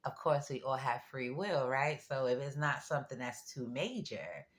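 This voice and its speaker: This is a woman with a strikingly deep, low voice, giving a casual vlog monologue. She tells her story in a chatty way, with asides to the listener. Small laughs come up as she goes. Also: animated, normal speed. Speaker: vlogger.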